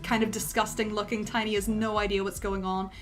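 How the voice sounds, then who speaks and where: A woman's voice: medium pitch, flat delivery, a little fast, faint music behind. A young woman giving loose, self-deprecating director's commentary on her own animation during a livestream, full of fillers. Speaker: animator and streamer.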